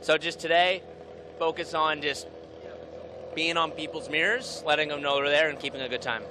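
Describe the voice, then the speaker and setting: A man's voice: on the high side, fairly even intonation, moderate pace, noisy background. A male racing driver answering trackside interview questions in a focused, earnest way. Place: outdoors at a racetrack.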